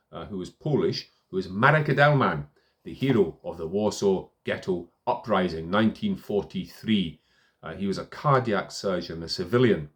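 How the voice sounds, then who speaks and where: Low-voiced man, chatty coaching vlog. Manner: storytelling, conversational with fillers. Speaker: confidence coach. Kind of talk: casual talk to camera.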